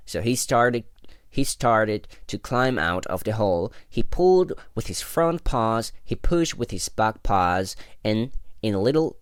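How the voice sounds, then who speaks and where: A young man reading a storybook aloud in a relaxed, casual way with amused asides. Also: on the low side, no room sound, studio quality. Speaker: podcast host reading aloud.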